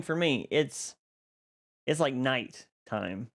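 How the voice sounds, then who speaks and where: Bubbly live streamer chatting with chat on a boom mic, laughs a lot, unhurried delivery. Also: lively intonation. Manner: bubbly, greets chat by name, laughs often.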